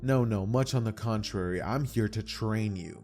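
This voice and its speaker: A man voicing a manipulative old ninja elder, speaking low and smooth. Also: normal speed, darkish tone, natural voice. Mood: scheming.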